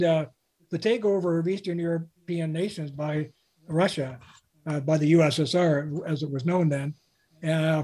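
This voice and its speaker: A man's voice: a little high, a little mellow, slightly rough. An older man from Canada, a guest author, telling anecdotes in an interview and quoting people along the way. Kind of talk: interview storytelling.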